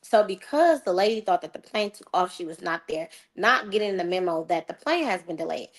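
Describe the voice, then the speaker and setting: A middle-aged woman hosting a podcast, retelling a travel mishap in a casual, animated and exasperated way, with laughs. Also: lowish voice, brisk. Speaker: podcast host. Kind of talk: casual storytelling.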